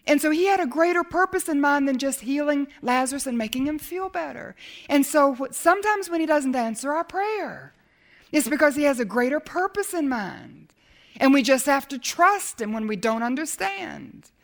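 Woman preaching, kinda high voice, gets loud and then drops really soft for effect. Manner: dramatic, swings from emphatic to hushed. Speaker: Bible teacher. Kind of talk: sermon.

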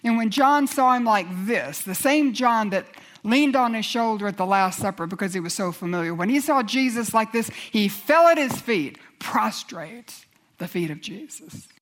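A woman preaching a sermon in an earnest way, moving from hushed, quiet passages to rousing exhortations. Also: on the high side, expressive, normal speed.

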